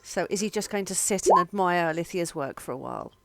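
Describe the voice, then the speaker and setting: A woman's voice: on the low side, gravelly, dry recording. A woman, running a tabletop game as game master in a chatty, laughing way. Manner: lively, chatty, quick to laugh.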